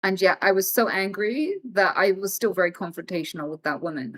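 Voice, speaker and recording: A woman's voice: medium pitch, fairly quick, hardly any pauses. A woman live-streaming from home, telling a casual story to her chat in an emphatic way, with plenty of swearing. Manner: emphatic and swearing, animated as she tells a story.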